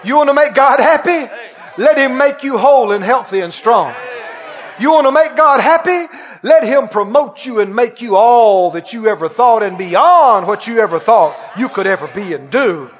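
A man preaching a sermon, exuberant and laughing, acting out awe with cries and shouts. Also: extremely high pitch, expressive, normal speed, long reverb tail, highs cut off.

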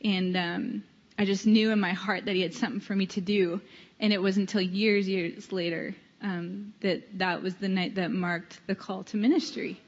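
A woman's voice: mid-range voice, steady tone, moderate pace. Earnest woman minister testifying, heard through long hall reverb. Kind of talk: personal testimony. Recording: dull recording in a reverberant hall.

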